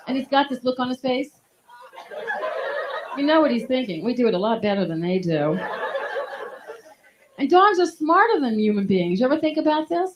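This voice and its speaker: A woman's voice: on the high side, background noise. A woman doing a stand-up comedy set, punchy and laughing at her own jokes. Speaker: stand-up comic. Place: live comedy stage. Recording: dull lo-fi live recording.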